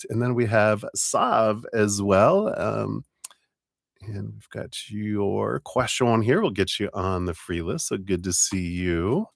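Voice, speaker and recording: Male stream host, very low voice, friendly and thankful, dry close sound. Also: gravelly, no echo. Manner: friendly, greets viewers by name, thankful. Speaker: tarot reader and live stream host. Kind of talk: casual live-stream chat.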